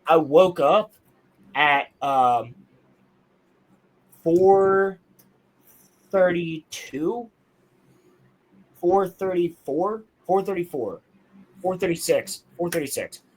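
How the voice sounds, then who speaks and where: Excitable, swearing young man telling a story. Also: high voice, drawn-out words, pauses often, poor audio. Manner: excitable, profane, insistent storytelling. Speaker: guest telling a personal story. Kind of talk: casual podcast chat.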